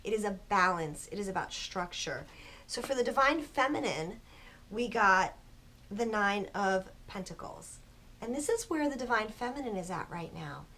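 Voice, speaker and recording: A woman giving a casual tarot reading to her viewers, earnest and soft-spoken, with a spiritual tone and frequent filler words. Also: mid-range voice, expressive, moderate pace. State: just woken early in the morning. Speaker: tarot reader.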